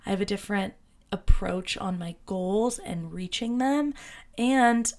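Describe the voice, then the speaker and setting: A young adult woman hosting a solo podcast, talking casually and chattily with lots of fillers and excited self-quotes. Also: medium pitch, measured pace. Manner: bubbly, chatty, many fillers, quoting herself in excited voices. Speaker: podcast host.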